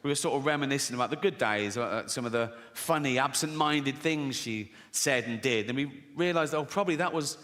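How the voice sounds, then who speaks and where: A man's voice: mid-range voice, a little fast, hardly any pauses, a bit bright. A man doing stand-up comedy, telling brash stories, swearing freely and laughing at his own jokes. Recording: long hall reverb, faint noise.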